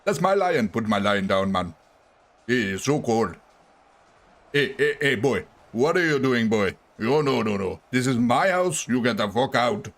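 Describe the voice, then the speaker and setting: A man voicing a gruff man guarding his house and his lion, in a mock North African accent, loud and threatening. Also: medium pitch, expressive, a little slow. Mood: angry shouting.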